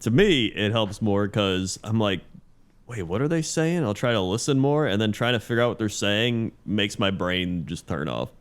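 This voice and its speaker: A man co-hosting a podcast, answering in a relaxed, easygoing casual chat. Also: lowish voice, moderate pace, hardly any pauses, smooth. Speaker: podcast co-host.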